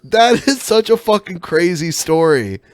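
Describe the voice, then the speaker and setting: A man's voice: high-pitched, very animated, a little slow, dry recording, studio quality. A man hosting a podcast, reacting with amused disbelief and relaying what viewers say. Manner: reacting with amused disbelief, reading chat comments. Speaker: podcast host. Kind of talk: casual chat.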